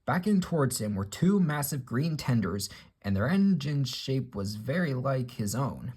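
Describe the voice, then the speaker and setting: A man reading a children's railway story aloud with expressive storybook delivery. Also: medium pitch, measured pace, husky.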